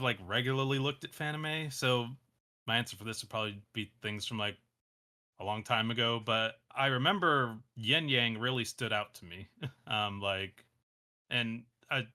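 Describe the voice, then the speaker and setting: A man talking casually about his animation projects in an interview, hesitant with many fillers and soft laughs. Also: mid-range voice. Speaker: animation creator, interview guest.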